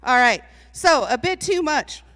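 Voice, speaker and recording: A woman giving a lively, comedic motivational talk to a live audience, chatty and teasing, laughing often. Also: sits high, unhurried. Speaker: speaker at a live event. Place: large hall with an audience. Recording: long reverb from a large hall.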